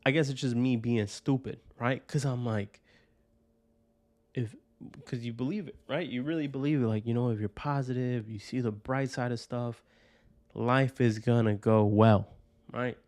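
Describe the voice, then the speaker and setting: A man from Georgia talks on his own podcast in a loose, rambling flow. He swears constantly and checks in with "right?" every few lines. His voice sits at an ordinary middle pitch and sounds close and dry, with no room sound around it. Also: fairly even intonation, moderate pace, darkish tone, no echo. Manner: rambling, profane, keeps tagging lines with "right?". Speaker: podcast host. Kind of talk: casual personal monologue.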